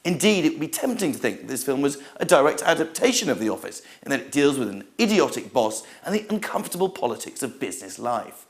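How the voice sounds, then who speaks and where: A man's voice: mid-range voice, sing-song, fast talker, few pauses. Theatrical man reviewing. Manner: theatrical, mock-grand delivery. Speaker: host and reviewer. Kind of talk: comic film and snack review.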